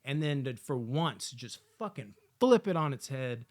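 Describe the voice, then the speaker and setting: A man's voice: medium pitch, unhurried. Guy hyped up reviewing a movie, cursing a lot, acts out the quotes. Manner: excited, profane, acts out quotes. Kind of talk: casual film review.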